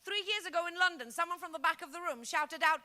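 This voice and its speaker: Punchy Greek woman comic, high bright voice. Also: quick pace. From Greece. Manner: lively, punchy, acts out bits. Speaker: stand-up comedian. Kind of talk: stand-up comedy set. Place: comedy stage before a live audience.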